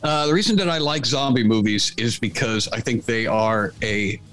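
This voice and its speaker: A man co-hosting a talk show, musing in a halting, thoughtful way. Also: medium pitch, fairly bright tone, faint music behind. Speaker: podcast co-host. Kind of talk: reflective conversation.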